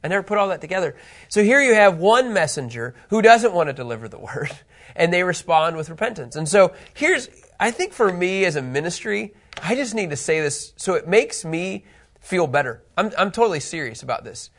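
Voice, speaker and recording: Animated man teaching scripture, checking in often. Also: high-pitched, a little fast. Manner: animated, keeps asking "okay?" to check understanding. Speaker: Bible teacher. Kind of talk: Bible teaching.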